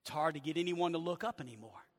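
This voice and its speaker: A man preaching a sermon as pastor, earnest, dropping to hushed low phrases and rising for emphasis. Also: fast. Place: church sanctuary. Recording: long church hall reverb.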